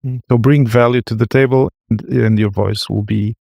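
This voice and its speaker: A man hosting an interview podcast, speaking haltingly with frequent restarts and affirming fillers. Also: mid-range voice, fairly even intonation, gravelly, darkish tone, no echo, studio quality. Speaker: podcast host. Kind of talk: interview conversation.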